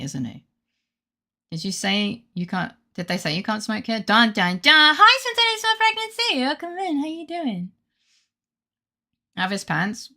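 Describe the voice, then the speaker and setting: A woman's voice: fairly low pitch, gravelly, fairly bright tone. A woman streamer giving playful, sarcastic commentary on a game, cursing casually.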